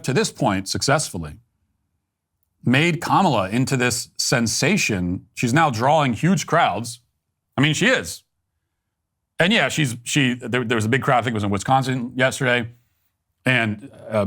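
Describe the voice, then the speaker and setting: A man's voice: medium pitch, a bit bright. A man hosting a political commentary show, blunt and sarcastic, often restarting his sentences.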